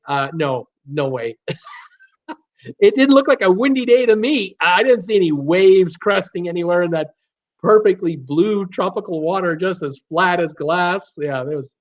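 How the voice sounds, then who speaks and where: A man's voice: sits high, highs cut off. A man from Canada with a slight Canadian accent hosts a casual live stream, reading out chat messages and answering with lots of laughs and fillers. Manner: chatty, laughs often, many fillers and restarts. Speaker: cruise channel host reading live chat. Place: home room with computer.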